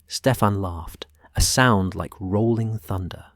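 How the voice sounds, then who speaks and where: A man narrates a bedtime sleep story in a slow, soft voice that drifts into whispers. His pitch sits low. The recording is close and dry, with no room sound. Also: animated, dry recording.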